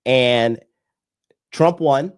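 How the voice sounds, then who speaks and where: A man's voice: medium pitch, very slow, clean tone. A man from the United States, a dating coach hosting a livestream, talking in a blunt, profane, preachy rant.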